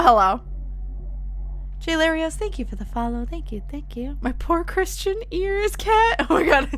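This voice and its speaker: A woman's voice: a little high, fairly bright tone. A young woman streaming live, chatting casually with her viewers, laughing often, and reading out horror files. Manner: giggly, chatty, reacting to chat.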